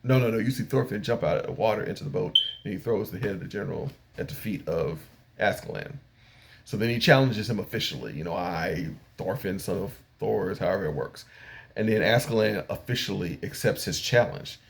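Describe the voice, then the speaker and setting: Older man with a gravelly low voice. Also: lively intonation, brisk. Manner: rambling retelling with frequent fillers and acted-out paraphrases. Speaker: anime reviewer. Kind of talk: casual episode recap.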